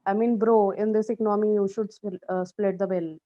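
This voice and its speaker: A young woman speaks at an online panel, telling her own story candidly and with a joking, rambling ease. Her voice sits at an ordinary middle pitch. The sound is a little muffled and dry, as from a home microphone. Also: warm tone, no echo. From India. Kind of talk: personal testimony at an online panel.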